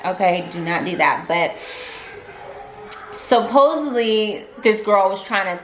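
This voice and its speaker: A woman's voice: medium pitch, slight background noise. A young woman vlogger telling a personal story in a candid, chatty way, full of fillers and asides to her viewers. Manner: candid, chatty, animated retelling with many fillers. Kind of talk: storytime vlog. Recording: echoey room with faint music.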